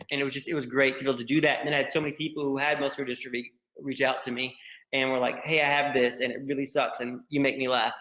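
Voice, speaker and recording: A man's medium, pushed and bright voice, with a Southern US accent, comes through a computer mic on a video call with echoey room sound. Fielding fan questions on a virtual panel, he is joking and candid but rambles, restarting many times.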